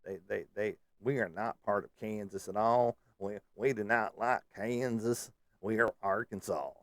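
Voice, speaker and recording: Host type: male, low and gravelly, loose joking ramble, dry close mic. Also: fairly even intonation, measured pace, dry recording. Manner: rambling, joking, lots of fillers. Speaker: live stream host. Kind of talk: casual live chat with viewers. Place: Kansas City area.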